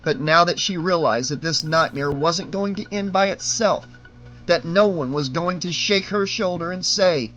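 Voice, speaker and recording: A man narrating a horror audiobook in a measured, suspenseful way, slowing down for the tense moments. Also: fairly high pitch, fairly bright tone, muffled recording, faint music behind.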